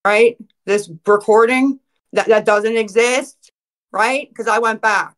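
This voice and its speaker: A woman's voice: on the high side, fairly even intonation, slow pace. A woman hosting a casual online voice chat and taking callers. She is defensive and swears heavily when angry. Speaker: stream host taking callers.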